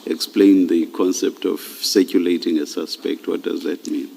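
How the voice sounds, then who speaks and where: A man chairing a commission hearing, questioning a witness slowly and deliberately, often repeating words. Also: low voice, steady tone, vocal fry, dark tone. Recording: long reverb of a large hearing room.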